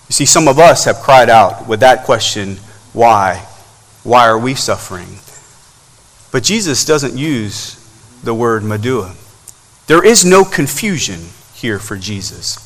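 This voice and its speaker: A pastor preaching a sermon at a church service, swinging between loud emphatic climbs and soft low passages. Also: male voice, long reverb tail, rough recording.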